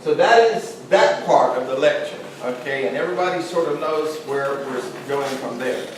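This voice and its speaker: A man's voice: mid-range voice, moderate pace. Man lecturing in a very echoey classroom. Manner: conversational, jokey, asks the class questions. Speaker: Islamic studies teacher. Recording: very echoey room, voice far from mic, faint hiss.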